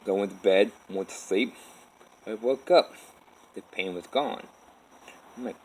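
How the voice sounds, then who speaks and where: A man telling his own life story in a halting, rambling way, with many restarts. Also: on the low side, a little mellow, a little hiss or hum, low-quality recording. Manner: halting, with restarts and repeated "all of a sudden". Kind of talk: rambling first-person storytelling.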